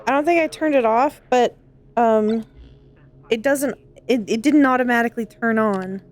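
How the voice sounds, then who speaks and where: A woman's voice: fairly high pitch, moderate pace. A woman streamer in casual game-stream chat, talking in a dramatic, playfully panicked way.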